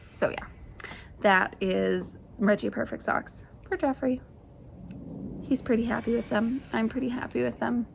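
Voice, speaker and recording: A woman's voice: on the high side, fairly even intonation, measured pace, vocal fry, slight background noise. A young woman hosting a knitting podcast, chatting in a casual, enthusiastic, rambling way with plenty of fillers, speaking to the camera. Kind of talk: casual show-and-tell chat. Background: faint birdsong ambience.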